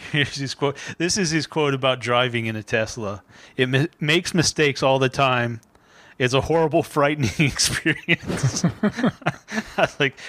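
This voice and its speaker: A man co-hosting a comedy podcast, relaying a news story in relaxed talk with chuckles. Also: mid-range voice, dry recording. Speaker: podcast co-host. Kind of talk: casual comedy podcast chat.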